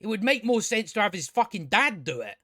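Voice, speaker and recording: A man's voice: high-pitched, sing-song, a little fast, a bit bright, no room sound, studio quality. A man giving a casual spoken TV review, ranting sarcastically with lots of swearing and filler words. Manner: sarcastic, sweary, rambling rant with many fillers. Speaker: TV show reviewer.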